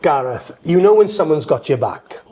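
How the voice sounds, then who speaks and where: A middle-aged Welsh man and entertainer, telling rambling, animated stories in a podcast conversation, full of restarts. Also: fairly high pitch, moderate pace. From Wales.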